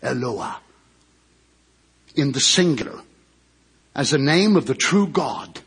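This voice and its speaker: A man preaching a sermon as pastor, who swings between shouted climaxes and low hushed asides and draws out emphatic words. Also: very animated, slow pace, breathy edge.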